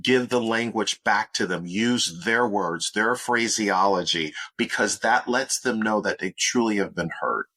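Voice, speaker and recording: A man who is a motivational speaker, guesting on a podcast and giving upbeat, measured coaching advice. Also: on the low side, pushed and bright, no echo. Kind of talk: interview answers, coaching advice.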